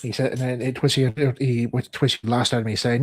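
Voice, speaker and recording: Man, mid-pitched voice, dry close sound, rambling anecdote, chatty streamer. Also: brisk, no room sound. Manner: animated storyteller acting out other people's lines with a raised voice.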